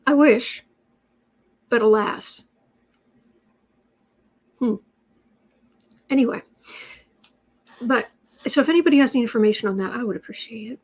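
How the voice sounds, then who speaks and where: A woman's voice: fairly high pitch, measured pace, long pauses. Chatty woman hosting a tarot livestream. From West Virginia, USA. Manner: chatty, thanks viewers by name, frequent restarts. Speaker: tarot and astrology livestream host. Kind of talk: casual livestream chat.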